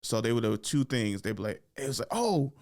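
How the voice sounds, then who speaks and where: A man's voice: fairly low pitch, quick pace, darkish tone. A man, a stand-up comic hosting his show, telling childhood stories in slangy casual talk, laughing often and acting out voices. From San Francisco Bay Area. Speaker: stand-up comic and podcast host.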